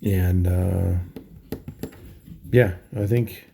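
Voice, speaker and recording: A middle-aged man talking casually in a halting video diary, tired and full of ums and restarts. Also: deep voice, steady tone, vocal fry, mellow, slight background noise. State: tired, yawning. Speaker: vlogger.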